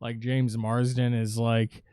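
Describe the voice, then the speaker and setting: A male live streamer with a mellow, dark, smooth voice, talking through a film recap in a rambling way. He swears freely and leans on fillers, and the sound is dry and close. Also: medium pitch, flat delivery, slow pace, no room sound. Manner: rambling, profane, with many fillers.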